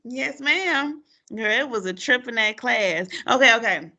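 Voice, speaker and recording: A woman's voice: a little high, a little slow, background noise. A woman, hosting a casual chat and acting out her students' lines as she tells stories, laughing often. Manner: animated storyteller, acts out quotes, laughs often. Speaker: podcast host, former teacher.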